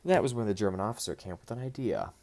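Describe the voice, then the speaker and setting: Deep-voiced male audiobook reader. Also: animated, rapid-fire, mellow. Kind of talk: scripted nonfiction audiobook narration.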